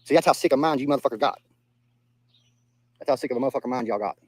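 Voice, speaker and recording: Brief: young Southern US man, quick, blunt streamer, curses freely, repeats lines, mid-pitched voice. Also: poor audio. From Southern United States. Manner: blunt, profane, repeats himself. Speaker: livestreamer reading chat. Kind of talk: casual livestream chat.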